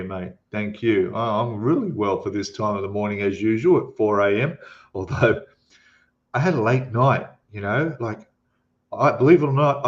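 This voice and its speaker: A middle-aged man hosts a casual live stream, rambling along at an unhurried pace. His voice sits a little low, and the sound is dull and lo-fi. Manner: chatty, rambling, greets viewers by name.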